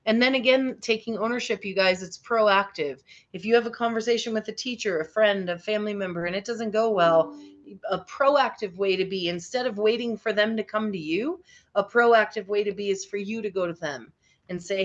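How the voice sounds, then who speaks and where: A woman's voice: medium pitch, a little fast. A woman teaching a session on people skills to teens, chatty and encouraging, with many asides. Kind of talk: classroom lesson over video call. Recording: dull lo-fi audio.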